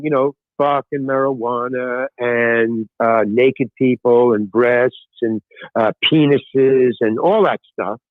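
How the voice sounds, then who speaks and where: Animated older man, tinny phone-like sound. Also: fairly high pitch, no echo. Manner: animated anecdote-telling, frequent restarts. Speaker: podcast guest. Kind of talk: storytelling in casual chat.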